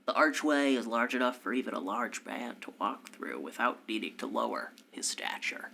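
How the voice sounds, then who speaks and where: Bright, dramatic male game master. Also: mid-range voice, expressive, moderate pace, vocal fry, slight background noise. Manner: storytelling, dramatic. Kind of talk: narrating a tabletop game skit.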